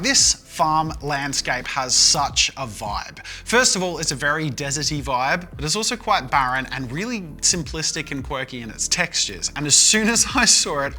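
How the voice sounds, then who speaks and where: A man in his thirties talks through his painting with an energetic, chatty enthusiasm. His voice is bright and swings widely in pitch. Faint music runs underneath. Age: 30s. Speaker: art YouTuber. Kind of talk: narrated painting vlog.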